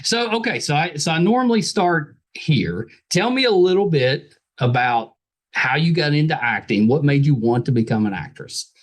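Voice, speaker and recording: A man's voice: a little high, expressive, normal speed. A man with a West Virginia accent hosting a podcast interview, enthusiastic and jokey, often repeating his words. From West Virginia, USA. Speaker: podcast host. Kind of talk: casual interview chat.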